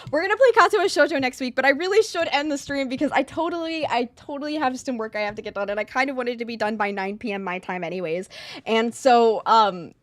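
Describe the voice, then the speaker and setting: A woman's voice: sits high, dry recording. A woman streamer chatting casually over a game, gushing with squealing exclamations and rambling, self-correcting sentences.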